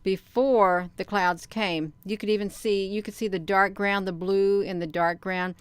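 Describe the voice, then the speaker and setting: A woman vlogger giving casual commentary on her own video, rambling and halting with many fillers and restarts, and talking straight to her viewers. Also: medium pitch, steady tone, clean tone, no room sound. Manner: talks straight to viewers as "you all". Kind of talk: casual commentary while showing her own sky footage.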